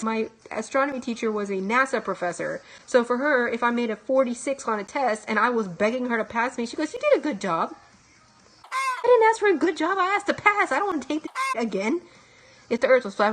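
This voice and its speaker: Animated joking young woman streamer. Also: on the high side. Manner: joking, animated, laughs often. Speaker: vlogger reacting to audience chat. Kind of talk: casual comedic live-stream chat.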